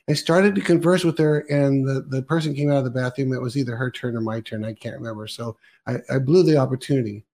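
A man's voice: medium pitch, steady tone, fast, few pauses, a little mellow. Man hosting a ministry talk show. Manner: rambling storyteller, quoting himself and others. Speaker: host.

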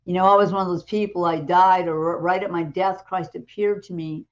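A woman co-hosting a talk show, retelling a testimony in a lively way and acting out the voices in it. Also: on the low side, fairly quick, lo-fi sound. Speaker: co-host. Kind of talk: animated testimony storytelling.

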